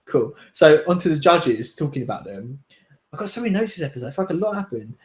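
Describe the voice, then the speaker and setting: A young man co-hosting a casual live-stream chat, quick, emphatic and opinionated, with plenty of fillers. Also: fairly high pitch, very animated.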